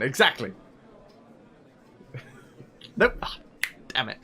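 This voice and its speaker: Joking, lively man streaming a game. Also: medium pitch, measured pace, long pauses. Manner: joking, chatty, laughs often. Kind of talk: casual let's-play commentary, reading quest text aloud.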